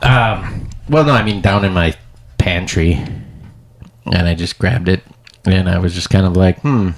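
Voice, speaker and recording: A man's voice: sits low, a little slow. A man, co-hosting a casual podcast chat and telling stories with acted-out quotes and laughter. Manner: animated storyteller, acts out quotes with laughs. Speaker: podcast co-host.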